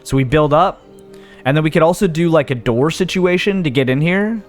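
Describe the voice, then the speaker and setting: A man's voice: fairly high pitch, fairly quick, faint music behind. A young man giving casual let's-play commentary, thinking aloud and talking himself in and out of ideas as he goes. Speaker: gaming video host.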